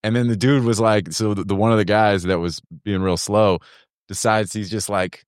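A man's voice: fairly low pitch, steady tone, normal speed, no echo, clean studio sound. A man hosting a casual chat with friends, joking around and laughing often. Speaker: podcast host.

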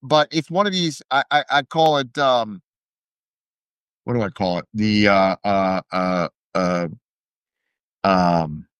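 A man's voice: lowish voice, slow pace, pauses often, a bit bright, clear, resonant tone, no room sound. A man co-hosting a casual podcast chat, opinionated and stumbling over repeated restarts. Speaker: podcast co-host.

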